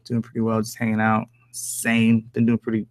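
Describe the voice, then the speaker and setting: A horror story narrator live-streams from home, reading and answering viewer comments in a low, completely flat voice at a moderate pace, recorded dry. His accent blends New Jersey and American Southern country, and his casual chat is loose and profane with frequent chuckles.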